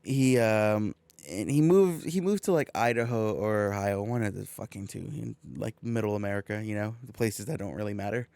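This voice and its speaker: A man's voice: on the low side, moderate pace, gravelly, clear, resonant tone, no echo. Casual swearing man telling a story. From California. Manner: swearing, animated storytelling with quoted back-and-forth. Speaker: podcast co-host.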